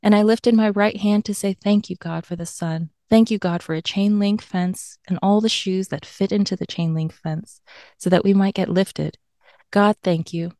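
A woman co-hosting a poetry podcast, reading a bio and then a poem aloud in a measured, rhythmic way. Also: medium pitch, fairly even intonation, dark tone, no room sound, clean studio sound. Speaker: podcast co-host.

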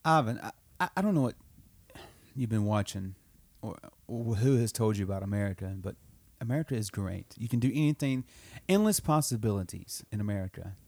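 A man's voice: on the low side, lively intonation, a little fast, creaky, darkish tone, no room sound. Man hosting a comedy sketch; coaxing and repetitive; dry, close sound. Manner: persuasive, coaxing, repeats himself.

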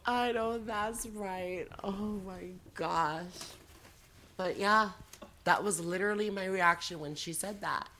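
A woman chatting casually as a podcast guest, telling animated, dramatic stories with sassy asides. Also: medium pitch, takes it slowly. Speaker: guest storyteller. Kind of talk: casual chat.

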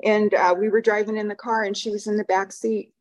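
A woman's voice: medium pitch, level tone, a little fast, rough recording. An older woman speaking at a recovery meeting, telling personal stories in a loose, rambling way full of fillers. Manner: rambling, warm storytelling with fillers and laughs. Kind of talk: personal testimony talk. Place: meeting room.

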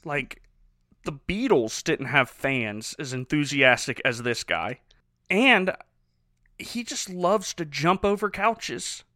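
Bright-voiced man wryly recapping a movie. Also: on the high side, lively intonation, takes it slowly, no echo, studio quality. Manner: wry, storytelling, often laughing at the movie. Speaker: podcast co-host recapping a movie. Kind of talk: casual comedic movie recap.

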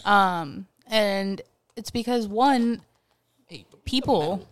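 A woman's voice: mid-range voice, extremely slow, no echo. A young woman, a new mother, earnestly explaining her views in casual podcast chat.

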